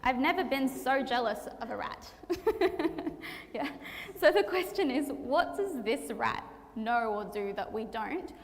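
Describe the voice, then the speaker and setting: A woman's voice: high voice, expressive, takes it slowly. A young woman, a medical student, giving a chatty health talk to an audience, laughing easily and using many fillers. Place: church hall. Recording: reverberant hall.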